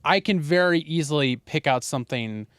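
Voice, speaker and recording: A young man co-hosting a podcast, talking in a casual, animated and opinionated way, with fillers and swearing. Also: a little high, normal speed, smooth, dry recording, studio quality. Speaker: podcast co-host. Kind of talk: casual chat.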